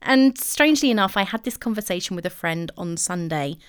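A woman's voice: fairly low pitch, expressive, fairly quick, smooth, no room sound, studio quality. A woman telling a story in a chatty, self-deprecating way, full of asides, as host of her own show. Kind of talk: casual solo storytelling.

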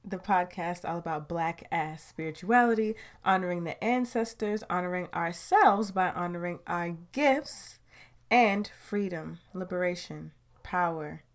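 A woman's voice: lowish voice, unhurried. A woman hosting her own podcast from home, talking candidly and casually, with sighs and trailing sentences. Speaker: podcast host. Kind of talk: casual chat. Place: recorded at home.

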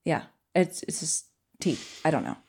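Lively woman podcast co-host. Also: low-pitched, normal speed, slightly rough. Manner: animated, storytelling with quoted asides. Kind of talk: casual chat.

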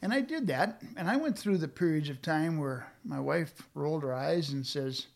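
Older man, gravelly, a bit higher pitched, measured, lots of uhs. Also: animated. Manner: reflective, measured, with many fillers and restarts. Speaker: guest speaking on leadership. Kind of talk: conversational podcast discussion.

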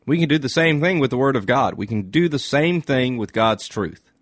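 A man delivers a brief teaching on faith in a measured, sermon-like way. He builds his point through simple everyday examples. The recording is dry and close, with no room sound. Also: mid-range voice, animated, dry recording. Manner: measured, illustrative preaching. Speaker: Christian speaker.

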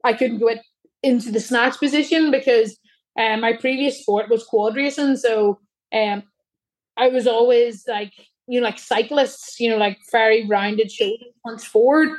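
Young female guest, loose and giggly, talks in rambling bursts, voice sitting a bit high. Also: normal speed. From Ireland. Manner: laughing, rambling with many fillers. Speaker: guest athlete. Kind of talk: casual chat.

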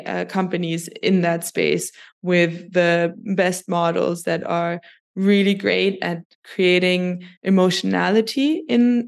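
A woman, a podcast guest, explaining things in a measured way with many small restarts. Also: on the low side, creaky. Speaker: guest, company chief of staff. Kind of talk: podcast interview.

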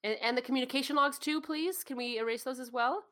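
An excitable first officer haggles fast with her captain, as a woman improvises her. Her voice is on the higher side and jumps into sudden bursts of alarm. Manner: excitable, quick to bargain. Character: fussy female starship first officer. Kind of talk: improvised sci-fi role-play.

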